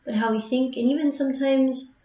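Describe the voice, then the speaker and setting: A woman musician in a halting, reflective personal monologue, emotional and full of pauses and fillers. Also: high voice, steady tone, mellow. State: emotional, near tears at times. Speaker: harpist and channel host. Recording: roomy, distant, dull recording.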